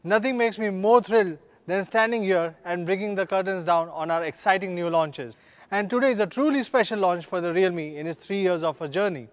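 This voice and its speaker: A man, a company executive delivering an earnest, upbeat scripted keynote at a product launch. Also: high-pitched.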